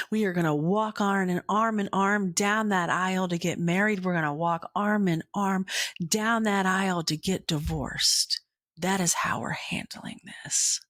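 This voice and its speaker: An earnest woman hosting a faith podcast, speaking slowly in a lowish voice and slipping into hushed whispers for emphasis. The recording is dry and close, with no room sound. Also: dry recording. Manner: earnest, slow, drops into whispers. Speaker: podcast host. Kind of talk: personal faith storytelling.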